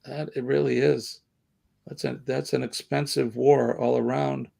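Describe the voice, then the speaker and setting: Southern US man, live-stream host, gravelly voice, chatty and rambling. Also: mid-range voice, little pitch movement, a little slow, dark tone. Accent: American Southern. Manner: rambling, chatty, many fillers. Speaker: livestream host. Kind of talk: casual live-stream chat.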